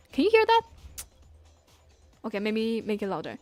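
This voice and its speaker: A woman streaming a game, talking excitedly, laughing and reading the dialogue aloud. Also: a little high, normal speed, long pauses, soft background music. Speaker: gaming streamer. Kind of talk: excited gameplay commentary.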